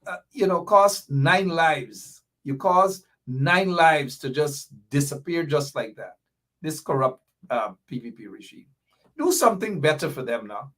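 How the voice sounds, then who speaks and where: A man's voice: a little high, expressive, unhurried, fairly bright tone. A middle-aged man with a Guyanese accent hosting a political commentary livestream, impassioned and reading viewer comments aloud. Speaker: show host.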